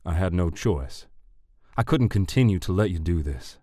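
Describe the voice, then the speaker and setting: A man's voice: sits low, lively intonation, normal speed, mellow, no room sound, clean studio sound. A man voicing a regretful younger brother, an immortal man who speaks subdued and remorseful, in an audiobook.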